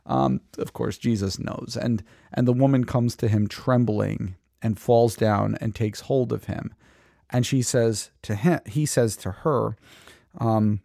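A man's voice: medium pitch, normal speed, vocal fry, mellow, no room sound, clean studio sound. A man in his thirties giving a casual, conversational Bible commentary, full of fillers and restarts. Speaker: Bible teacher.

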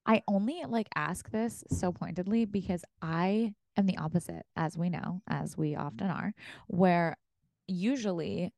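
A woman's voice: lowish voice, unhurried, gravelly, a little mellow, no room sound, studio quality. A woman co-hosting a podcast, asking pointed follow-up questions and reflecting openly on her own feelings. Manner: probing, self-reflective, swears. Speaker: podcast co-host. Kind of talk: casual chat.

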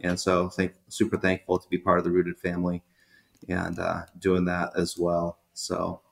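A man's voice: sits low, completely flat delivery, normal speed, creaky. A man, a youth pastor chatting as a podcast guest and telling stories with many restarts. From greater Boston area. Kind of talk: casual interview chat.

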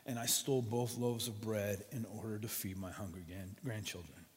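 A man voicing an ashamed, poor elderly grandmother, speaking softly and low, in a hall with long reverb. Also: fairly even intonation, moderate pace, lightly acted. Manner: soft, low and hushed.

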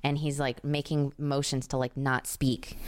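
Low-voiced woman casually recapping a film. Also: little pitch movement, measured pace. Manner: rambling, profane, laughs often. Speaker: podcast co-host.

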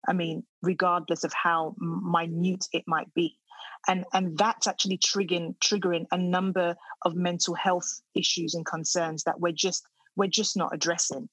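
A woman's voice: on the low side, flat delivery, normal speed, fairly bright tone, husky, dry recording, poor audio. A middle-aged woman speaking as a podcast guest, talking earnestly and from the heart with frequent restarts. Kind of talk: casual interview conversation.

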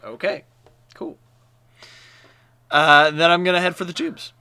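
A man's voice: sits high, sing-song, a little slow, sharp tone, clear, resonant tone. A man playing in a casual tabletop game, eager and chatty. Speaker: player.

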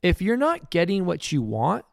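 A man's voice: high-pitched, huge pitch swings, normal speed, gravelly, dry recording, clean studio sound. A middle-aged man hosting a podcast, giving a blunt, emphatic motivational monologue. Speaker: podcast host.

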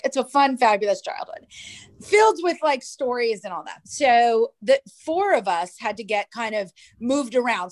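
A woman from New Jersey, a guest in an interview, telling her life story with lively restarts and acted-out quotes. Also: mid-range voice, no room sound.

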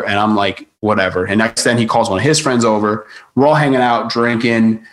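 A man's voice: on the low side, a little fast, few pauses. A man telling a touring story on a podcast in a casual chat, acting out quotes and saying like often. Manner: animated, acts out quotes, many likes. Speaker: podcast guest.

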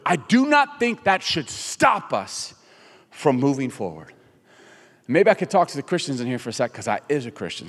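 A middle-aged man preaching a sermon in an animated, conversational way, acting out quotes as he goes. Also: mid-range voice. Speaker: pastor. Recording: reverberant hall.

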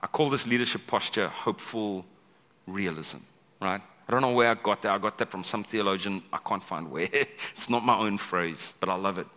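A man preaching a sermon as pastor, chatty and animated, often checking in with "right?" and acting out quoted lines. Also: lowish voice, moderate pace. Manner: conversational, keeps asking "right?"; acts out quoted speech with big vocal swings. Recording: long hall reverb.

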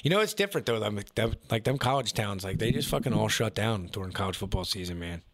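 A man telling a story in casual chat, swearing freely and jumping up into high voices to act out the people in it. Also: fast talker, no room sound. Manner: animated storyteller who swears a lot and acts out voices.

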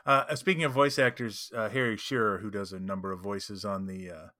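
A man co-hosting a podcast in casual chat, telling lively anecdotes. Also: on the low side, brisk, no room sound, clean studio sound. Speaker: podcast co-host.

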